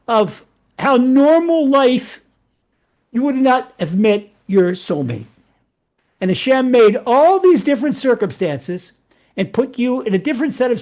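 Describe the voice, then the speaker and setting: A rabbi telling stories in a lecture to a live audience, animated and often repeating and restarting his words. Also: high-pitched. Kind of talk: storytelling Torah lecture.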